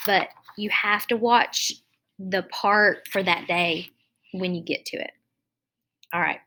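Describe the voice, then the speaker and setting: A woman teaching a phonics lesson to young children, explaining each step slowly and patiently. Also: medium pitch, fairly bright tone.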